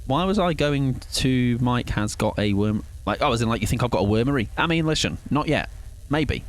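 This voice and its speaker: Medium-pitched and expressive, this gamer talks with his stream's viewers at a moderate pace. His chatter is playful and meandering, with frequent chuckles.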